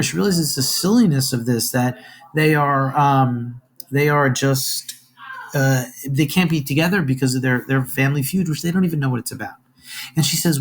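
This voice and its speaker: A man's voice: medium pitch, normal speed, a little hiss or hum. A man teaching a class by video, speaking casually with many fillers and reading quoted verse aloud with a lift in his voice. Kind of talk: lecture video retelling a play.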